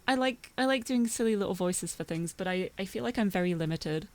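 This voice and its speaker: A woman streamer chatting casually while playing a game, giggly and expressive, often jumping up high when excited. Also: normal speed.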